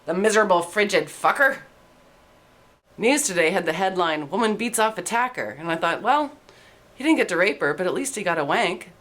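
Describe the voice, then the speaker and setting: A woman host telling rapid-fire dark one-liner jokes in a deadpan delivery. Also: fairly low pitch.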